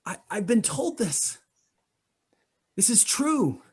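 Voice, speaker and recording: A man's voice: mid-range voice, unhurried, dark tone, slightly rough. A man voicing a zealous young noblewoman. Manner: pleading, rising to fervent conviction. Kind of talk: tabletop role-play acting.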